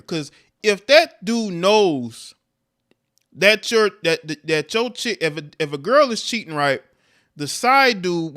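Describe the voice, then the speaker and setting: This livestream host reacts to clips and chat with blunt, profane remarks and laughs often. His voice sits high with a fairly bright tone.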